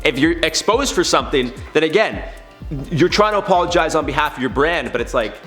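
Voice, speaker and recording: A man delivers casual news commentary at a rapid clip, chatty and opinionated throughout. His voice sits a little higher than most men's. Faint music plays underneath. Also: animated, a bit bright. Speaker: YouTube news commentary host.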